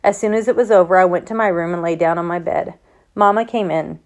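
A woman reading a novel aloud in first person, in a steady way with small stumbles and self-corrections. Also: fairly low pitch, fast. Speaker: audiobook reader.

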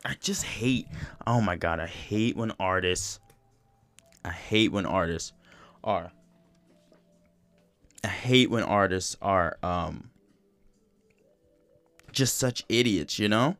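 A man's voice: sits low, slow pace, pauses often, fairly bright tone, dry recording. A man hosting a podcast in casual chat, swearing freely and repeating himself as he rambles. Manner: profane, rambling, repeats phrases. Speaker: podcast host.

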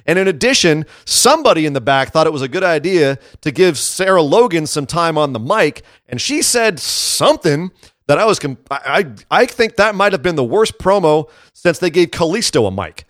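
A man's voice: fairly high pitch, very animated, normal speed, a bit bright, dry recording. Man, co-host, casual opinionated chat, sarcastic edge, dry close sound. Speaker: wrestling podcast co-host.

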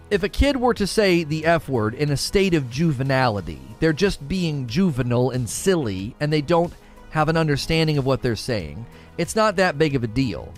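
This father in his thirties has a voice on the high side. Chatting casually, he answers questions bluntly and keeps starting his sentences over.

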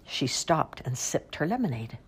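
A woman reading a story aloud in an unhurried storybook narration. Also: low voice, big pitch swings, a little hiss or hum.

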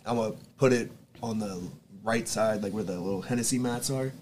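Laid-back male bartender guest, lowish voice, faint background hiss. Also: brisk, darkish tone. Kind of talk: casual podcast chat.

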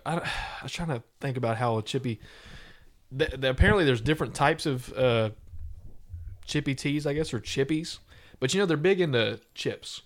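A man from the United States hosting a casual podcast chat, rambling and joking with frequent laughs. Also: mid-range voice. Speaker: podcast host.

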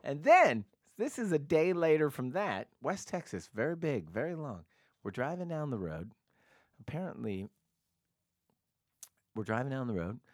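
A man's voice: medium pitch, normal speed, long pauses, no room sound, clean studio sound. A man co-hosting a podcast, telling stories in casual chat, acting out voices and laughing often. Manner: animated storyteller, acts out voices and laughs often. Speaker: podcast co-host.

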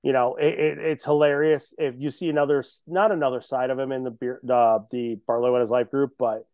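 A man's voice: medium pitch, steady tone, brisk, a little mellow, no echo. A man chatting casually on a podcast as a guest, boastful and joking. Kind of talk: casual chat.

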